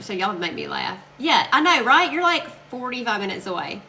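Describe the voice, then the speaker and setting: A woman's voice: mid-range voice, lively intonation, normal speed, vocal fry, hardly any pauses, bright, forceful tone. A woman from Alabama with a Southern accent, chatting casually with viewers while she crafts on a live stream, laughing often and reading out their comments. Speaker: crafting livestream host.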